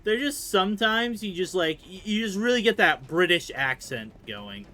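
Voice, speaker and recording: A young man commentating on his gameplay casually, excitable and swearing, with sudden outbursts. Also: high-pitched, moderate pace. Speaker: gaming streamer. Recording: voice over game music.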